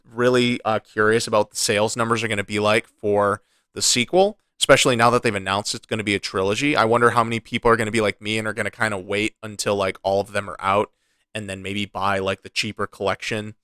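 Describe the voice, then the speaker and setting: A man co-hosting a casual gaming podcast, ranting in a frustrated, animated way with many restarts. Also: lowish voice, fast talker, clear, resonant tone, no room sound. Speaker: podcast co-host.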